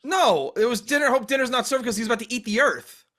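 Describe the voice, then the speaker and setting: High bright-voiced joking man. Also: lively intonation, fast talker. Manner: laughing, joking explanations. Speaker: podcast host and songwriter. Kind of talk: casual chat.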